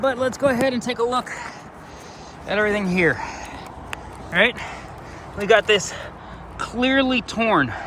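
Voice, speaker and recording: Breathless high-voiced roofer on a roof. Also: male voice, background noise. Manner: exasperated, explaining step by step. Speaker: roofing contractor. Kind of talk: on-site inspection walkthrough. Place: outdoors on a roof.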